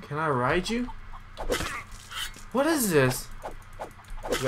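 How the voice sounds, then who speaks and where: A man commentating over his own video game playthrough, excitable and quick to yelp when something surprises him. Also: noisy background. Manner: excitable, yelps and jumps in pitch when surprised. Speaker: gaming channel host. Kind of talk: let's play commentary. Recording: music playing behind the voice.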